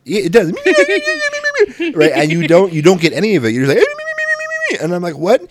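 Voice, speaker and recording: A man co-hosting a casual podcast, telling parenting stories with lots of swearing and loud bursts when he quotes himself. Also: on the high side, fast talker, background noise. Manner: profane, animated storytelling. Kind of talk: casual chat.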